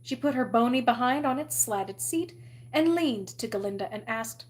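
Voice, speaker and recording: A woman reading a novel aloud in an expressive storytelling manner. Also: a little high, moderate pace. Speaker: reader.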